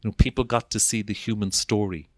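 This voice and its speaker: Irish guy giving a heartfelt talk, lowish voice, dry close sound. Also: steady tone, quick pace, no room sound. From Ireland. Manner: earnest and heartfelt, with frequent restarts. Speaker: gestalt psychotherapist giving a talk. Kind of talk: informal talk to an audience introducing a video.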